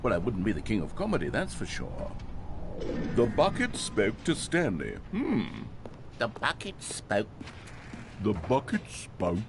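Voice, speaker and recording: A chatty, self-doubting video game narrator. His voice leaps around with huge, animated swings in pitch and a theatrical, fretful manner. A steady noise hums underneath. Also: measured pace, full character voice. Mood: cheerful.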